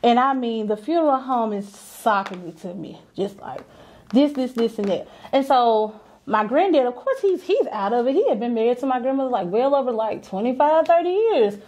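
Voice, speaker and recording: A woman's voice: on the high side, expressive, normal speed, darkish tone. A young adult woman and business owner telling a personal story candidly and conversationally, acting out the voices she quotes.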